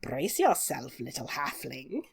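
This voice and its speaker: A woman voicing an ancient hag in a tabletop game, speaking low, slow and hushed. Her menace is sly rather than loud, and she drags each word out. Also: big pitch swings, gravelly, breathy edge, exaggerated voice. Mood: menacing.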